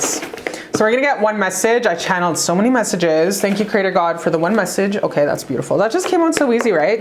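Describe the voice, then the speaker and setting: A woman's voice: medium pitch, a little hiss or hum. A woman giving a casual tarot reading to camera, emphatic and profane, with big swings in her delivery. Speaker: tarot reader. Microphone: talking to camera.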